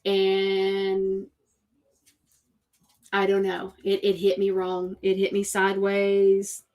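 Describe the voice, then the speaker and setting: A woman hosting a show, talking casually and emphatically, often repeating herself for effect. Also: medium pitch. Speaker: host. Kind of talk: casual opinion talk.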